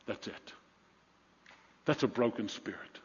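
Fifty-something preacher in an echoey hall. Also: male voice, on the low side, a little slow, highs cut off. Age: 50s. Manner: earnest, swings from hushed to emphatic. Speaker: pastor. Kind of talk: sermon.

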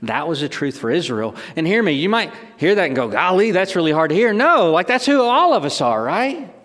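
A man's voice: fairly high pitch, sing-song, moderate pace, fairly bright tone, big-room sound. A middle-aged man, a pastor, delivering a sermon emphatically, with rhetorical questions and restarts.

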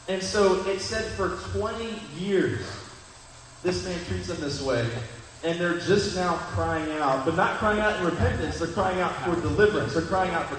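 A man's voice: high-pitched, moderate pace, slight background noise. A young man giving a sermon, speaking conversationally to the congregation and asking them questions. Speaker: pastor. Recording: echoey hall from far off.

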